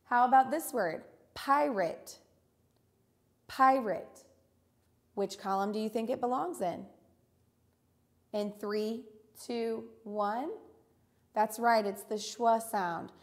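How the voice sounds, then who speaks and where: A woman teacher giving a recorded reading lesson to young children, enunciating each word deliberately and praising them warmly. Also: fairly high pitch.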